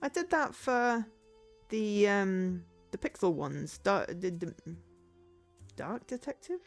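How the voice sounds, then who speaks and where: A woman's voice: mid-range voice, very animated, slow pace, faint music behind. A woman streamer giving casual gameplay commentary, chatty and rambling, often laughing. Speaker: game streamer.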